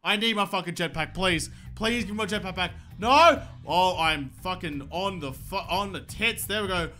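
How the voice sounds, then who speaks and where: A young man giving excitable gameplay commentary, swearing often and breaking into shouts when thrilled. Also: sits high, moderate pace. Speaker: gaming video host.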